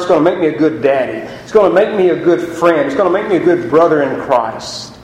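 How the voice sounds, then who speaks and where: A man preaching a sermon as pastor, chatty and lively, asking the congregation rhetorical questions. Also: on the high side, fast, few pauses, slight background noise. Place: church sanctuary. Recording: echoey hall.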